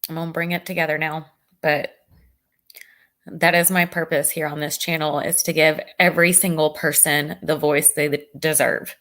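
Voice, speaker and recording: A woman hosts a casual livestream with a fairly low voice. She talks earnestly and reads out comments from her viewers as she goes. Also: fairly bright tone. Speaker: livestream host.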